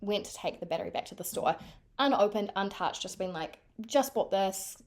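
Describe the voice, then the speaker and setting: A young woman from New Zealand with a New Zealand accent, chatting casually to camera in an animated way with lots of fillers. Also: mid-range voice, brisk. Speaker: vlogger.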